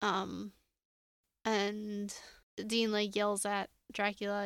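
Podcast co-host, woman, gravelly yet smooth voice, dry close sound, casual recap chat. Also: mid-range voice, slow, no room sound. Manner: animated retelling, quoting lines with laughs.

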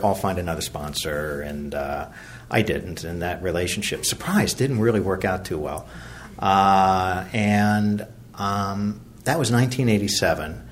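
A man's voice: low voice, slight background noise. A middle-aged man from Virginia sharing his recovery story at a meeting, rambling and self-deprecating, with many fillers and restarts. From Virginia, USA.

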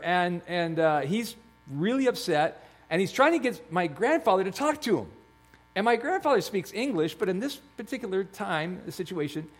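A man's voice: high voice, breathy edge. A man preaching a sermon as a pastor, telling a story in a conversational way, with frequent restarts.

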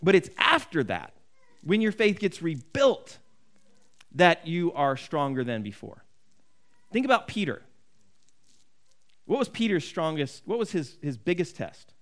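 A man's voice: fairly high pitch, very animated, a little slow, long pauses, a bit bright. A man preaching a sermon in an earnest, conversational way, often restarting his sentences. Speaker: pastor.

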